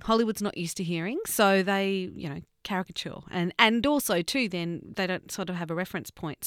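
A woman's voice: mid-range voice, no room sound, clean studio sound. A woman in her thirties with an Australian accent, a guest expert who explains in a friendly, talkative way with lots of fillers. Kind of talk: casual interview.

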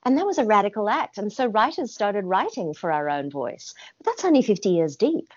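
A woman's voice: medium pitch, big pitch swings, a little fast, lo-fi sound. A woman from Australia, the artistic director of a theatre company, answering interview questions with passion and many restarts. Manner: passionate, emphatic, with frequent restarts.

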